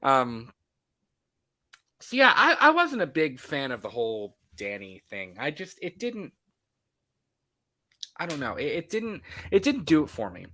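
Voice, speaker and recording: A man's voice: fairly high pitch, wildly swooping pitch, moderate pace, sharp tone. A man co-hosting a movie podcast, talking casually, laughing often and acting out characters' lines. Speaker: podcast co-host.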